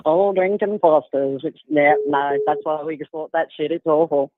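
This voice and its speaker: A woman's voice: sits low, steady tone, moderate pace, dry recording. A woman from Australia with an Australian accent, calling in to a show and chatting casually, laughing often. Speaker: caller. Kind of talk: casual phone call. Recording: tinny phone line.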